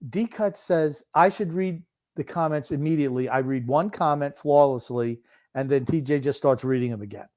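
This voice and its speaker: An older man co-hosts a casual sports podcast in a grumpy, teasing way. His voice sits a bit high for a man. He talks loosely and jabs at his partner. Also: moderate pace, darkish tone. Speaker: podcast co-host. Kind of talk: casual chat, sports talk.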